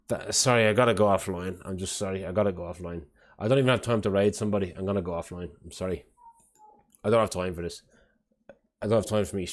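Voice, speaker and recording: A man chatting casually on a live stream, rambling and swearing freely, often sounding exasperated. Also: low-pitched. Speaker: parent.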